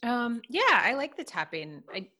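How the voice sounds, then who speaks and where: A woman's voice: a little high, very animated, measured pace, sharp tone, a little hiss or hum. A woman hosting a conversational interview, reflecting thoughtfully and asking curious questions. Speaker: podcast host.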